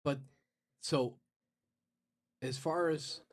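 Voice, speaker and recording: A man's voice: a little high, steady tone, extremely slow. Rambling man telling a story. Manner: rambling storyteller with many restarts and fillers. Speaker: podcast co-host. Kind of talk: casual chat.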